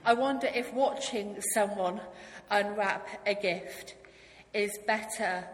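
A woman's voice: medium pitch, slow. A woman giving an enthusiastic, friendly children's talk during a church service. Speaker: church youth speaker. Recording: hall reverb with faint noise.

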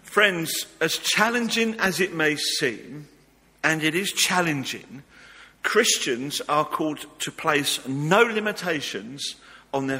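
Guy preaching, husky voice, really animated, echoey church. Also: fairly high pitch. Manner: lively, informal preaching with asides to the congregation. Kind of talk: sermon. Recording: long reverb of a church hall.

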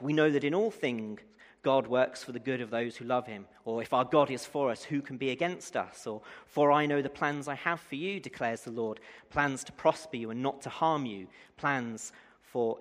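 A man preaching a sermon, his voice ringing out in a hall with a long echo trailing after each phrase. He swings from loud, rousing declarations to a calm, conversational teaching tone. His pitch sits in the middle for a man.

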